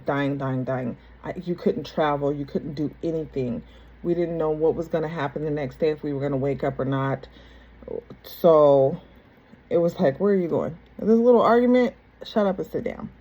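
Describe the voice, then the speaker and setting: Speaking to camera about her own life, a young adult woman tells her story loosely, often repeating herself and starting sentences over. Her voice is low-pitched and mellow, and the recording has its highs cut off.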